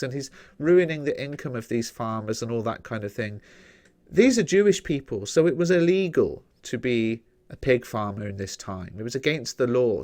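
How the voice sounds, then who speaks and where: A man's voice: medium pitch, darkish tone. A man with an English accent teaching a Bible study lesson in a conversational, explanatory way, often checking in with "okay?".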